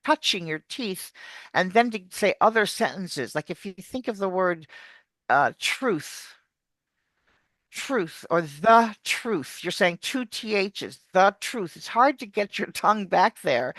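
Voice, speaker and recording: American lady coach, bright tense voice, super dry sound, acts out the sounds she explains. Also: mid-range voice, dry recording. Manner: animated, demonstrates sounds while explaining. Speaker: accent coach. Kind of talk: explaining on a video call interview.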